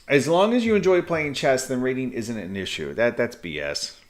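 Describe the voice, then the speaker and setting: A man streaming live chess, thinking aloud in halting, muttered bursts as he calculates moves. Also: medium pitch, expressive.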